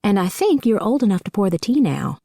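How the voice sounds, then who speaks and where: A woman voicing a gentle young mother in an audiobook. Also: mid-range voice, sing-song, brisk, no echo, studio quality, pitched above the performer's own voice. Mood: tender.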